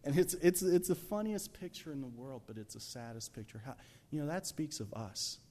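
A man preaching a sermon in a church, lively and conversational, acting out scenes, swinging from shouts to whispers, with many "you know"s. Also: on the high side, fairly quick, a little hiss or hum.

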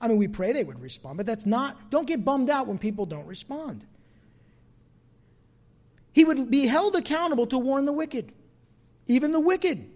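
A middle-aged pastor from New Jersey preaching a sermon in a conversational way, dropping to soft asides and rising to loud emphatic bursts. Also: male voice, very high voice, very animated, normal speed, long pauses.

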